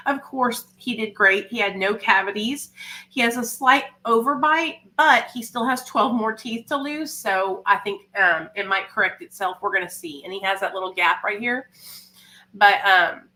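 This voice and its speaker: A woman's voice: medium pitch, normal speed, bright, forceful tone, low-quality recording. A young woman hosting a livestream, talking candidly and emotionally, rambling with fillers. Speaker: livestream host. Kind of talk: casual livestream talk.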